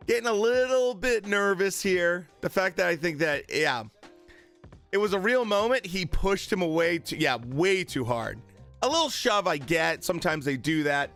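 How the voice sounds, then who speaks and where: A man's voice: on the high side, fairly bright tone. A man chatting casually on a live stream about boxing, with many fillers and retold quotes.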